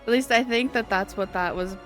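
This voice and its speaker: A woman's voice: fairly high pitch, brisk, a bit bright, faint music behind. A woman game streamer chatting casually with her live viewers, giggly and self-deprecating.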